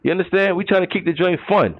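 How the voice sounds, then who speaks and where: A man's voice: high voice, fast talker, no room sound, muffled recording. A man, running a gaming league, delivering an emphatic ranting monologue full of street slang and mocking rhetorical questions.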